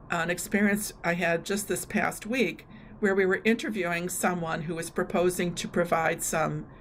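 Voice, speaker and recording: A woman's voice: on the low side, vocal fry, a little hiss or hum. A middle-aged woman giving a webinar presentation on learning, talking in an earnest, explanatory way with frequent fillers. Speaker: presenter on cognitive training.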